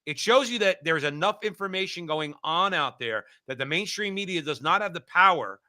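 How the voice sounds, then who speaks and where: A man's voice: fairly high pitch, lively intonation, normal speed, bright, forceful tone. A man co-hosting a political talk show, speaking emphatically and repeating phrases for stress. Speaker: co-host.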